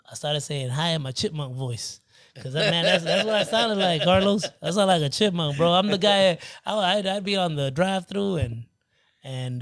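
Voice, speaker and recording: A man telling lively stories in casual chat, acting out other people's lines and saying "bro" a lot. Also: on the high side. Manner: animated storyteller acting out quoted voices, says "bro" often. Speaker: guest DJ. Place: nightclub.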